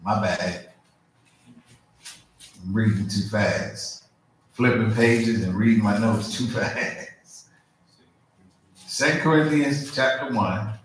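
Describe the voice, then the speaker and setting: A man preaching a conversational sermon, informal and animated, full of asides and "you feel me?". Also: fairly low pitch, takes it slowly, pauses often, a little hiss or hum. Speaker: pastor. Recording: very echoey room, mic far off.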